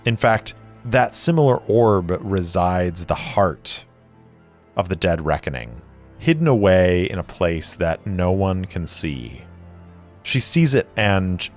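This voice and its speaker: A man narrating and playing a solo tabletop role-playing game in a deliberate, descriptive way. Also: low-pitched. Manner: deliberate, descriptive, with dice-roll asides. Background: faint music.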